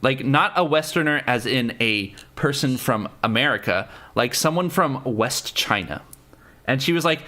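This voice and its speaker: A man chatting live with his viewers in a loose, rambling way, his sentences full of filler words, restarts and casual swearing. He plays around with foreign words and sounds, testing how they feel in his mouth. His pitch sits in an ordinary middle range for a man. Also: moderate pace, pushed and bright. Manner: playful, trying out foreign words. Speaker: livestream host. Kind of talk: casual livestream chat answering viewers.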